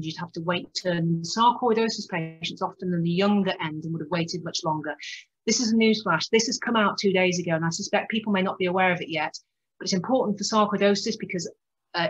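A woman's voice: on the low side, husky, dull audio. A woman doctor gives a conversational talk to patients, stopping and restarting phrases as she goes. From United Kingdom. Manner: conversational with many restarts and fillers. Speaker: respiratory doctor giving a conference talk. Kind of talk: presentation to patients.

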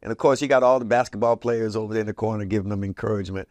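A man in his seventies, grew up in Portland, Oregon, telling stories from his community in a casual, lively way and acting out the voices of people he quotes. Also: rapid-fire, no echo. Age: 70s. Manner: lively, acts out quoted voices with big jumps in pitch and loudness. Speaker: interviewee recalling community history. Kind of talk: casual storytelling reminiscence.

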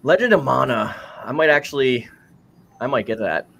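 A young man from New York with a New York accent, chatting casually while reacting to a live stream, full of "like" and quick laughs. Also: mid-range voice, animated, creaky, a bit bright.

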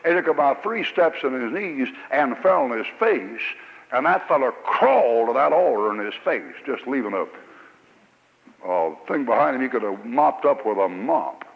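A man preaching a sermon in a church, folksy and joking, swinging between soft and loud. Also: medium pitch, expressive, normal speed, gravelly. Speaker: pastor. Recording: muffled old church recording with long reverb.

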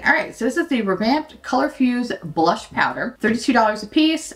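Brash, lively-voiced woman vlogger. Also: a little high, moderate pace. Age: late 30s. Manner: brash, profane, self-mocking, laughs often. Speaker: beauty vlogger. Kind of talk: casual chat.

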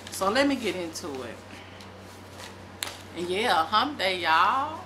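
A middle-aged woman vlogging, chatting casually and reading aloud from a book, with animated, loose storytelling. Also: medium pitch, slow pace, background noise.

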